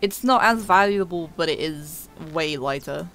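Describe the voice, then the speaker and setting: A woman's voice: low-pitched, animated, unhurried, loud music behind the voice. A woman streamer chatting casually over gameplay, giggling often and talking to her chat.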